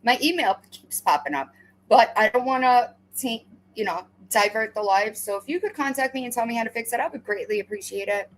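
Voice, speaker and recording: A woman with a somewhat high voice delivers commentary on a clip, speaking sharply and sarcastically. She stumbles into repeated restarts as she presses her points, and the tone stays confrontational throughout. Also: a little fast, noisy background. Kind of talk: reaction commentary.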